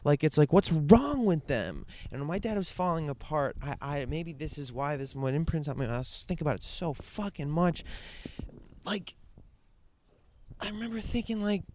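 A man's voice: fairly high pitch, moderate pace, slight background noise. A man telling a candid personal story, rambling and swearing, with many fillers and restarts.

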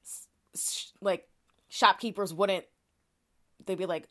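A woman's voice: medium pitch, steady tone, slow, fairly bright tone. A woman talks through a topic for a podcast in an easygoing, conversational way. She leans on fillers and often restarts her sentences as she explains. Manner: chatty, many "like" fillers and restarts. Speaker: podcast co-host presenting research.

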